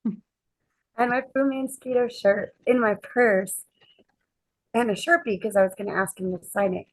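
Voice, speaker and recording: A woman guest on a chat podcast, telling a lively anecdote and acting out the quoted dialogue. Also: medium pitch, unhurried, no room sound, low-quality recording. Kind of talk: casual storytelling chat.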